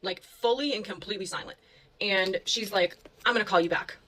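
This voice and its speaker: A woman's voice: medium pitch, fairly quick, a crowd in the background, low-quality recording. A young woman telling a story to her viewers in a casual, chatty way, full of fillers and swearing.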